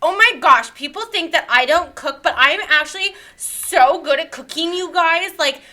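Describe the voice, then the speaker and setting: A woman's voice: high voice, moderate pace, sharp tone. A woman putting on a whiny, self-pitying young online personality in a comedic parody, with a put-on Southern drawl, defensive and full of "like, you guys". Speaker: podcast guest character.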